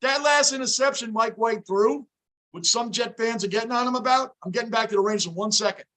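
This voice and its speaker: A hoarse, worn-out male livestream host reacting to a hockey game, excitable and emotional, shouting at the action and chatting with viewers by name. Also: very high voice, a little fast. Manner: chats with viewers by name, off topic. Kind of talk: casual live reaction chat.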